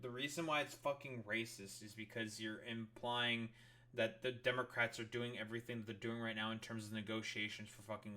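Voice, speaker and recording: Give me a male streamer with a bright, forceful voice, ranting in a furious, profanity-laden reaction to a clip. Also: fairly low pitch. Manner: angry, swearing constantly.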